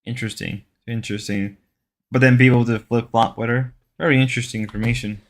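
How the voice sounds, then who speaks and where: Guy musing out loud on a stream, average voice, repeats stuff. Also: mid-range voice, steady tone, brisk. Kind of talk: casual stream chat.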